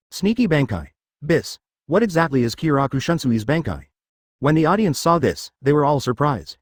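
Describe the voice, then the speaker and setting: A man reads a story aloud in steady scripted narration. His pitch is mid-range but lively, rising and falling throughout. The sound is dry and close, with no room echo.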